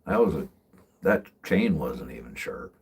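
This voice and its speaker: A man with a very deep, heavily husky voice chats on a livestream from behind the wheel. He rambles in loose, profane stories, laughing often at his own jokes. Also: sing-song, a little slow, a little mellow. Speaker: livestreamer and tree climber. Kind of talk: casual livestream chat. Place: in a vehicle while driving.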